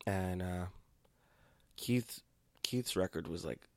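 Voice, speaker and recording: A man with a fairly low voice, trading stories in an easygoing guest chat. He laughs often and swears without a second thought. The sound is close and dry. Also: slow, gravelly, a little mellow, dry recording. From Queens, New York. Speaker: stand-up comedian guest. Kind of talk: casual chat.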